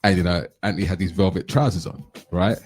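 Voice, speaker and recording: A middle-aged man hosting a radio chat, telling lively anecdotes and acting out what people said. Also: low voice, fast talker. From London. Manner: animated anecdote telling, acts out quotes. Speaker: radio show host. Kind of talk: casual storytelling chat.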